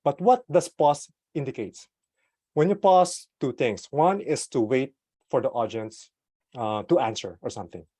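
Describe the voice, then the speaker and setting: A man giving an online talk about product management through a desktop microphone. He speaks casually with fillers and light laughs, swings widely in pitch and loudness, and uses deliberate pauses and slowdowns. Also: lively intonation, no echo. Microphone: desktop USB microphone.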